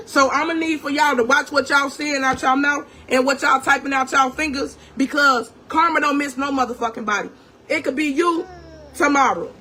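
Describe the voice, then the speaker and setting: Talking straight to her viewers, whom she calls "gang," this young vlogger delivers a confrontational, swear-filled storytime rant. She speaks at a normal speed in a high, sharp-toned voice, with a little hiss or hum behind it.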